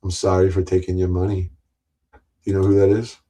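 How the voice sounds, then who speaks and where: Low-voiced man rambling on a livestream. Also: completely flat delivery, fairly quick, mellow. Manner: rambling, laughs often, crude jokes. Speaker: livestream host. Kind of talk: casual livestream chat.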